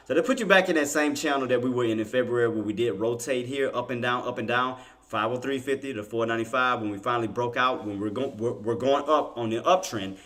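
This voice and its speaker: A man's voice: medium pitch, fairly bright tone. A man streaming casual live commentary on stock charts. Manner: laughing, apologetic, casual. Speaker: trading streamer.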